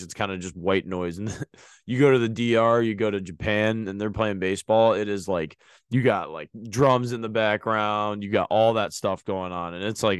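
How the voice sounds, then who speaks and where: A man's voice: on the low side, clean tone, no echo. A man hosting a sports podcast, talking casually and rambling with many fillers and restarts. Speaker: podcast host.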